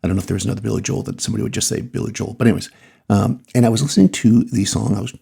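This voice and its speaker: Gravelly middle-aged man with Massachusetts accent. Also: lowish voice, rapid-fire. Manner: rambling, thinking out loud with small laughs. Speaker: podcast host, photographer. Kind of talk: casual solo podcast monologue.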